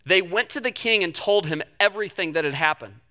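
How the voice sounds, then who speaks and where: Man, young adult, preacher, sermon, high voice, animated storytelling. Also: brisk. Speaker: pastor.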